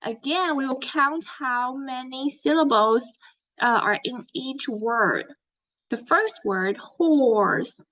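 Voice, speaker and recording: A woman teaching an English lesson, speaking slowly, clearly and encouragingly, as if to young learners. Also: sits high, lively intonation, a bit bright. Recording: dull lo-fi sound.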